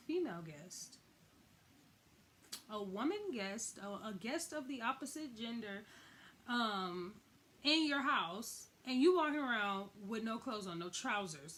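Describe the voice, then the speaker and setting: Chatty young woman recapping a TV episode. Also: on the high side. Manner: chatty, animated, heavy use of "like", acts out quotes. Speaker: TV recap host.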